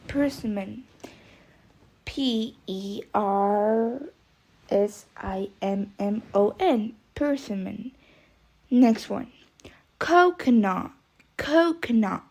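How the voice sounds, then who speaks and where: A woman with a mellow, mid-range voice teaches English vocabulary in slow spelling drills. She repeats each word several times and spells it out letter by letter.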